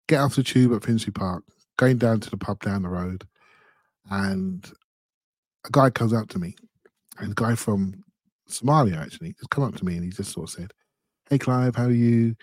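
A man's voice: on the low side, normal speed, long pauses, dry recording. A man co-hosting a podcast, telling a story in an earnest, chatty way. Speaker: podcast co-host. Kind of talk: casual podcast chat.

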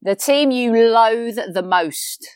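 A woman hosting a casual chat, running a quick-fire quiz in a brisk, playful manner. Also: a little high, animated, smooth, dry recording, studio quality. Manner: brisk, playful, calls guest babe. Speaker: host.

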